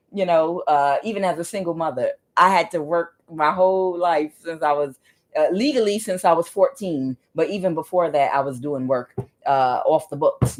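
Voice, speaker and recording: A woman giving a casual tarot reading, talking emphatically and often checking in with "okay?". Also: sits low. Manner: emphatic, keeps asking "okay?", ranting asides. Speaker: tarot reader.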